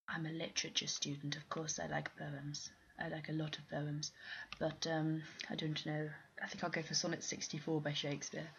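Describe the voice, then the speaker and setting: A young woman with a posh English accent and a low voice rambles through a vlog question list, self-deprecating and full of ums. The audio is dull and lo-fi with a faint hiss underneath. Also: completely flat delivery, moderate pace, creaky, a bit bright. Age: young adult. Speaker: vlogger doing an accent challenge. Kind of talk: casual chat answering a question list.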